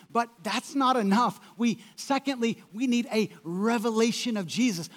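High-voiced pastor preaching in reverberant hall. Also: male voice. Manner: animated storytelling, acting out quotes, conversational asides. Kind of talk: sermon.

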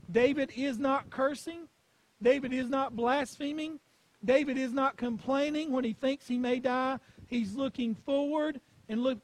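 A man's voice: very high-pitched, dry recording, rough recording. A male pastor preaching a sermon, telling stories and stressing points with repeated phrases.

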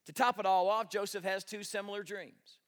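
A man's voice: sits high, fairly even intonation, a little fast. A man preaching a sermon, retelling a story with rhetorical questions and folksy joking asides. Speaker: pastor.

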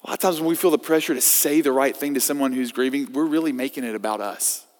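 A man's voice: medium pitch, fast talker. Preaching man. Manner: expressive preaching, swinging from loud emphasis to hushed reading. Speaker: pastor. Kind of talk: sermon. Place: church sanctuary. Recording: long reverb of a church hall.

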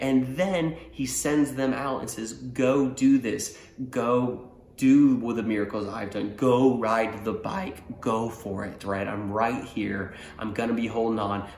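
Animated male pastor in an echoey room. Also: medium pitch. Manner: animated storyteller, acts out voices, laughs often. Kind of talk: sermon.

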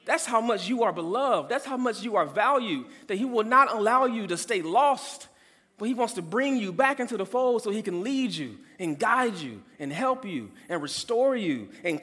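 A man preaching with a high voice, pressing his points hard as he swings between ringing cries and hushed, intimate lines. His sermon carries through a large hall, trailing a long echo behind every phrase. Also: expressive, moderate pace, slightly rough. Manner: emphatic preacher, swings from loud to soft. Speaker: pastor.

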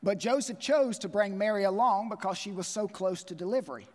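A man's voice: high voice, a little fast, darkish tone, in a large hall. A man preaching a sermon as pastor, emphatic and repeating key phrases.

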